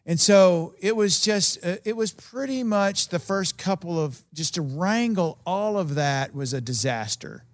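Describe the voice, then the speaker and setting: A man's voice: sits high, measured pace, hardly any pauses, no room sound, studio quality. A man, a television producer, telling rambling anecdotes as a guest in a casual interview. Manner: animated, rambling anecdotes with quoted voices.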